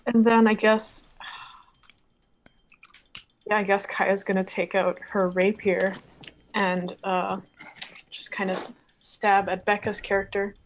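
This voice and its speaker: A woman's voice: medium pitch, flat delivery, slow pace, pauses often, slight background noise. A British woman with a mid-range voice takes her turn in a tabletop game. She thinks aloud and checks distances with the dungeon master before she acts. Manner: thinking aloud, asking questions. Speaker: player. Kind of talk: casual tabletop play.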